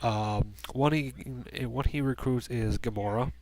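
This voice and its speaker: A man's voice: medium pitch, unhurried, darkish tone. A man giving a casual spoken movie review from a room at home, rambling with many restarts and fillers.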